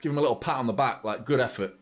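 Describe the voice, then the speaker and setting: Sweary football fan commentating. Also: male voice, mid-range voice, rapid-fire. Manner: blunt, sweary fan chatter mixed with play-by-play. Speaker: fan channel host. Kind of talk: live match watchalong commentary.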